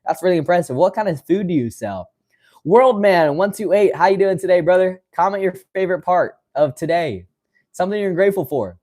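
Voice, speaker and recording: A man in his twenties from West Virginia, casually reading and answering viewer comments on his livestream, friendly and quick to laugh. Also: high voice, expressive, darkish tone. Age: 20s. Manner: friendly, calls viewers brother, laughs often. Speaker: livestream host.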